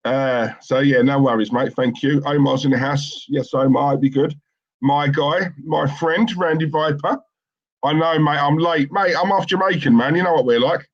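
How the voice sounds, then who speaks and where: A man banters on a fan live stream, his voice sitting fairly high. He reads viewer comments and jokes around in slangy talk. The audio is dull and lo-fi. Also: normal speed. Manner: chatty, laughs often, slangy banter. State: has a headache. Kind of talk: casual fan chat reading live comments.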